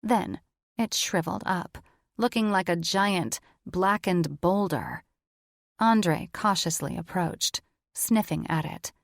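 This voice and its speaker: Woman, audiobook narrator, slow measured reading, lowish voice, dry close mic. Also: creaky, no echo. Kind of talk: scripted narration.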